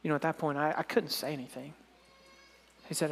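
A man preaching, retelling a dramatic story in sermon style and dropping to a soft, low voice at the emotional moments. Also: fairly even intonation, fairly quick, vocal fry. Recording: long hall reverb.

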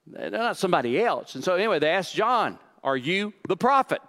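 A middle-aged pastor preaching a sermon, dramatic, acting out quoted lines and repeating words. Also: male voice, high-pitched, sing-song, a little fast, fairly bright tone.

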